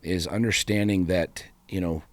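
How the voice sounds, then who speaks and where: A man with a fairly low voice co-hosts a relationship talk show. He speaks bluntly, swears freely and fires off rhetorical questions. The sound is close and dry. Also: fairly even intonation, normal speed, no room sound. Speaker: podcast co-host. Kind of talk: candid casual chat.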